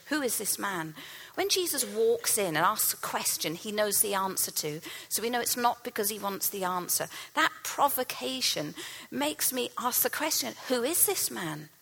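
A woman preaching a sermon, retelling a Bible story with earnest storytelling and dropping to a soft hush for key lines. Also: high voice, husky, low-quality recording.

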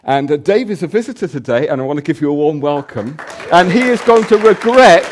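A man's voice: on the high side, lively intonation, brisk, a faint crowd, slight background noise. A man leading a church service, introducing a visitor with light jokes and laughter. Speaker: pastor.

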